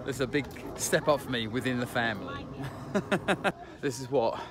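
A man's voice: mid-range voice, big pitch swings, moderate pace, crowd noise. A man vlogging a family day out, joking and chuckling at his own lines as he films. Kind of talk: casual vlog chat. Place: outdoors at a park and in a car.

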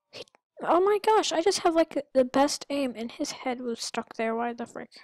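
A woman giving goofy, rambling let's-play commentary with sudden excited outbursts. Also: high-pitched, normal speed, no room sound. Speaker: gamer.

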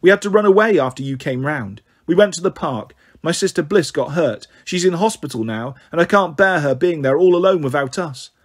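A man's voice: on the high side, animated, brisk, hardly any pauses. A man voicing a hurt, defiant young schoolgirl. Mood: distressed. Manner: hurt, sharp retorts.

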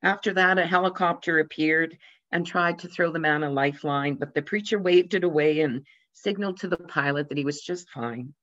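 Pastor, sermon, gentle storytelling, mid pitch, dull recording. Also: fairly quick. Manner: gently storytelling, lively voices for quoted characters. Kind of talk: sermon with humorous anecdotes. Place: church. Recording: dull lo-fi sound.

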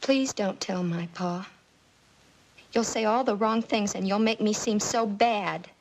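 A woman's voice: medium pitch, measured pace, low-quality recording. A young actress playing a shy, frightened teenage girl in a 1950s TV drama, timid and pleading.

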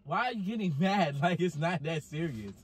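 Husky, insistent young man. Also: a little high, animated, normal speed. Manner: insistent, repetitive, pushy. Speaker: vlogger, boyfriend. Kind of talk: casual prank argument. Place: parked car.

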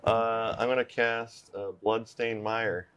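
Give me a low-voiced British man, matter-of-fact, announcing his card plays. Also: level tone, slow pace, fairly bright tone. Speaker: card game player. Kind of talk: casual game chat.

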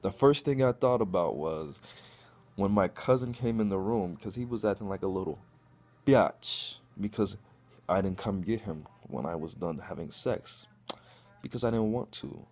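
A young Chicago vlogger with a low voice speaks at a normal speed. In a profane, animated rant, he tells a crude personal story and acts out what people said.

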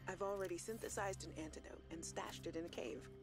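Casting: a woman as a determined young explorer, earnest and measured, slightly low voice. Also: steady tone, over music, lightly acted.

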